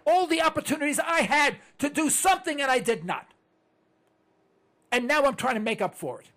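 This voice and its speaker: A man's voice: very high voice, lively intonation, a little fast, pushed and bright. An older man hosting a talk radio show, ranting and repeating himself as he hollers at listeners.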